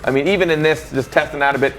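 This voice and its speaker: Fast-talking, excitable esports caster. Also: male voice, a little high. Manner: enthusiastic, quick, chatty. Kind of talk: casual esports panel banter.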